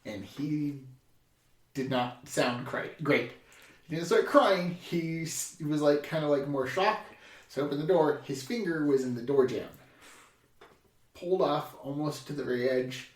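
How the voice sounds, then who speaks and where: A man's voice: fairly high pitch, a little slow. A young man hosting a casual podcast chat, telling stories with acted-out quotes and frequent laughter. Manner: animated storyteller, acts out quotes loudly, laughs often. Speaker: podcast host. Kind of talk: casual conversation. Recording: echoey room, mic at a distance.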